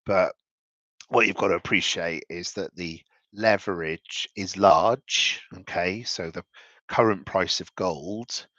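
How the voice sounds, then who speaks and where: A man's voice: deep voice, slow pace, bright, forceful tone, no room sound, lo-fi sound. A man giving casual commentary on investments over charts, rambling and thinking aloud with frequent restarts.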